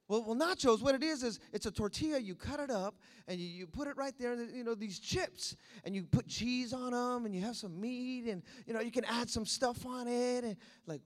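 A man with a notably high, light voice, telling a story from the pulpit. His delivery is animated and repetitive, and he keeps slipping into the voices of his characters. It sounds like a casual sermon given to a congregation in California. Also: moderate pace. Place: California church.

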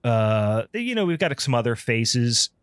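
A man's voice: mid-range voice, sing-song, a little slow, smooth, no echo, clean studio sound. A man hosting a podcast in casual chat, rambling and profane with frequent ums. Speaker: podcast host.

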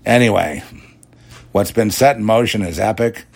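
A man's voice: lowish voice, moderate pace, vocal fry. A middle-aged man hosting a religious commentary show, preachy, mocking imagined critics in put-on quoted voices. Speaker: podcast host.

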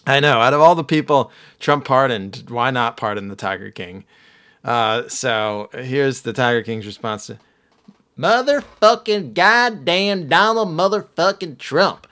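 A man's voice: medium pitch, moderate pace, fairly bright tone, clean tone. A man hosting a casual podcast, chatting in a rambling, self-deprecating way. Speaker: podcast host. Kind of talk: casual chat.

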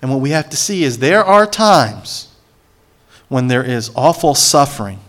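A man's voice: mid-range voice, big pitch swings, a little slow, fairly bright tone. A man preaching a sermon, who reads scripture aloud, acts out its characters with sarcasm and asks the congregation for responses. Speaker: pastor.

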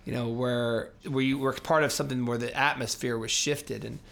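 A man's voice: mid-range voice, fairly even intonation, normal speed, gravelly, a bit bright. A man co-hosting a casual faith podcast, talking reflectively and sharing stories. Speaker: co-host.

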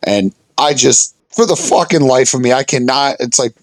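A man tells a rambling off-road story to his podcast friends, swearing freely and acting out his own past lines. His pitch swings widely and the sound is dry and close. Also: lively intonation, normal speed, no room sound, rough recording. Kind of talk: casual profane storytelling.

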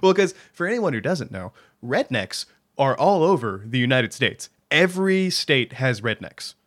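A baritone man co-hosts a podcast in loose, casual chat. He rambles and hedges with many fillers, and he laughs often between his thoughts. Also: sing-song, moderate pace, fairly bright tone. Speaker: podcast co-host.

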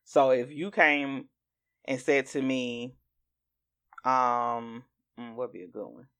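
A woman hosting a podcast in casual chat, animated and acting out what other people say. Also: slow pace. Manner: animated, acts out quoted speech in jumps of pitch. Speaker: podcast host.

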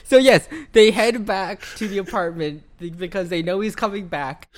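A man's voice: high voice, moderate pace. Giggly man recapping a show. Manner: giggly, acts out characters' lines while recapping. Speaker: podcast co-host. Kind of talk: casual recap chat.

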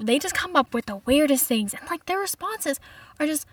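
Her voice high-pitched and her pace moderate, a woman in her 20s does comedic storytelling and practice stand-up as a vlogger. The chatty, animated delivery is packed with slang and "like," captured from a distance without echo.

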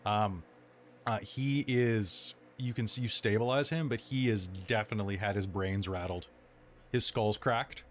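Halting male storyteller. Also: fairly low pitch, slight background noise. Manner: halting, many fillers while improvising. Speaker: storyteller, game master. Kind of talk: narrating a tabletop game.

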